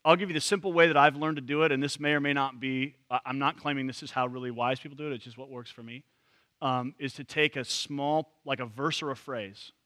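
Man, church teacher, casual talk, fillers and restarts, bright tone, dry sound. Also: medium pitch, steady tone, fairly quick, no echo. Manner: talkative, many fillers and restarts, chuckles. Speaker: church leader teaching a training session.

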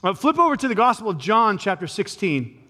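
A man's voice: sits high, big pitch swings, brisk, bright, forceful tone. A man preaching a sermon as pastor, talking conversationally and building to emphatic peaks. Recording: long reverb of a large hall.

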